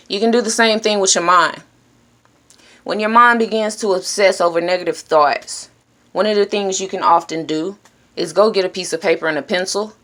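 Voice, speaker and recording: A woman giving an earnest, encouraging self-help talk straight to her viewers. She speaks directly and plainly, now and then dropping into hushed shushing. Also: mid-range voice, moderate pace. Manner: drops to a hushed whisper when shushing. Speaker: vlogger.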